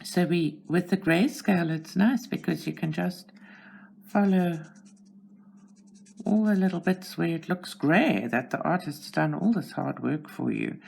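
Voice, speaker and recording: At home, a South African channel host colors while casually narrating her steps, talking to herself in a chatty, self-deprecating way. Her voice is fairly low, unhurried, gravelly and a little mellow, with a breathy edge.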